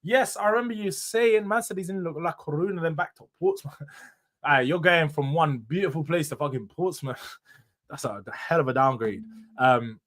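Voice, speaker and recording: A young man chats loosely on a football live stream. His voice sits a little high, and his delivery is casual and opinionated, full of slang and quick laughs. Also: a bit bright. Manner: chatty and opinionated, laughs often, uses slang. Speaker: football channel host reading live chat.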